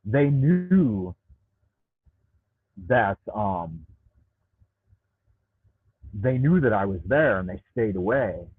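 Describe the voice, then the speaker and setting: An American man hosts a livestream, reading chat and ranting profanely through a Bluetooth headset that gives tinny, dry audio. His low voice is sing-song and rough, very slow with long pauses, and he rambles and repeats words when he gets worked up.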